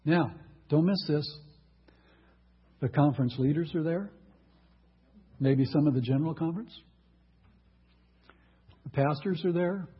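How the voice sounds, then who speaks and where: Man, raspy voice, preaching, rhetorical questions, muffled recording. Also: fairly high pitch, measured pace, long pauses. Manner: emphatic, rhetorical questions to the audience. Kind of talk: sermon.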